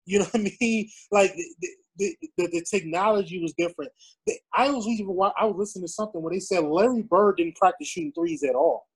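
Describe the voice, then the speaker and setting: Husky high-voiced man chatting loosely. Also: animated, fast talker, low-quality recording. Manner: loose, swearing, rambling, restarts often. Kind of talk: casual chat.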